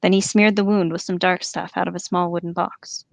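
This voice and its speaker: A woman reads a long story aloud for her podcast, steady and engaged. Her voice has a gravelly fry at the edges, and the sound is dry and close with no room echo. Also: on the low side, brisk. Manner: animated, laughs easily. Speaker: podcast host and reader. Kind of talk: reading a novel aloud with commentary.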